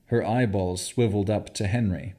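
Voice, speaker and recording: A man narrating a fantasy audiobook in a measured, expressive way. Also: lowish voice.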